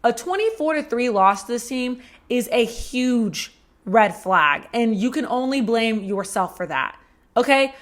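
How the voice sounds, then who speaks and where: A woman's voice: a little high, lively intonation, measured pace. A woman hosting a solo sports podcast, giving sassy, blunt commentary with casual swearing and mocking asides. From Georgia fan. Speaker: podcast host.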